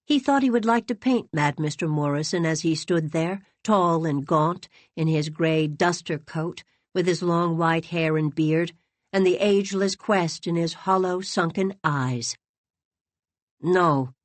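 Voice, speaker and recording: A woman's fairly low voice narrates a novel with drama and expression. The recording is close and dry, with no room sound. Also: unhurried, dry recording. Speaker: audiobook narrator. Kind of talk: scripted narration.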